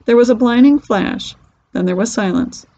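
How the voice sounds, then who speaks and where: A woman's voice: on the high side, normal speed, dark tone. A woman reading a children's novel aloud, telling the story with animation. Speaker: reader. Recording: dull lo-fi recording.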